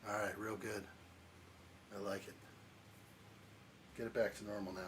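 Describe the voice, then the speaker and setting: A fairly low, level-toned man speaks at normal speed against background noise. He's the host of a live model-kit building stream, chatting casually, reading viewers' comments aloud, and teasing them in jest.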